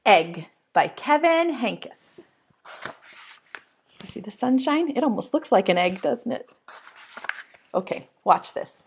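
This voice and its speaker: A woman teaching preschool online, reading a picture book aloud to young children in a slow, singsong storytime manner with animated exclamations. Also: mid-range voice, a little hiss or hum.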